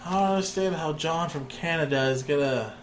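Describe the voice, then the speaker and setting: A young man co-hosting a casual podcast, soft-spoken and hesitant, often trailing off. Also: moderate pace, slight background noise. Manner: hesitant, low-key, soft. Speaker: podcast co-host. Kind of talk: casual chat.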